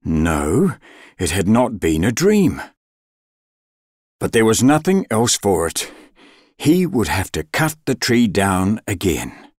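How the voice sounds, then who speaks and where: Slow, husky male storyteller. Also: fairly low pitch, no room sound, studio quality. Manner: slow, expressive read-aloud with dramatic pauses. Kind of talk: storybook narration.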